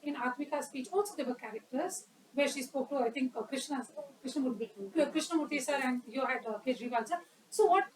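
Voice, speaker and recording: A woman's voice: sits high, animated, fast, a little mellow, far from the mic, slight background noise, rough recording. A woman giving an educational talk on public speaking at a club meeting, quizzing the audience and acting out examples.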